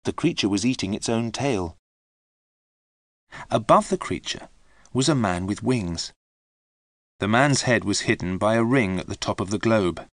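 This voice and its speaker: Audiobook narrator, male, low register, measured learner-friendly reading, dry booth. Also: expressive, dry recording. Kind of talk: scripted storybook narration.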